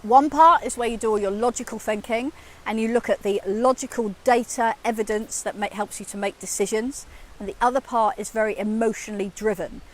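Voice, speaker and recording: Woman in her fifties, fairly high voice, chatty, communication coach talking to camera. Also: steady tone, brisk. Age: 50s. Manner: chatty, acts out her own inner voice. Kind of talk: casual talk to camera.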